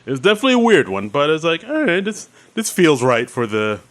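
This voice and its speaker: A man co-hosting a podcast in casual chat, animated and acting out sketch lines in put-on voices. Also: mid-range voice, fast. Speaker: podcast co-host. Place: home podcast studio.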